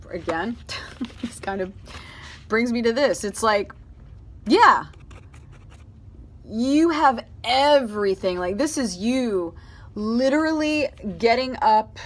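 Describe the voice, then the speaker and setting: A woman's voice: a little high, slight background noise. A woman giving a casual tarot reading to her viewers, speaking emphatically, repeating her points and talking aloud to spirit. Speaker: tarot reader.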